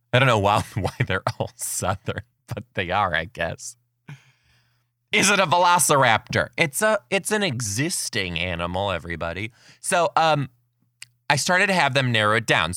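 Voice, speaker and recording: A man hosting his podcast and telling classroom stories as a kindergarten teacher, chatty and excitable, laughing often. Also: medium pitch, no echo, studio quality. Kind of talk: casual storytelling monologue.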